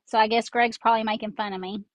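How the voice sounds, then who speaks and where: This fast-talking craft host has a slightly high voice, fairly even intonation, and a Southern accent. She rambles casually while working on a craft, a bit congested from her sinuses. The earbud mic recording is low in quality but has no room sound.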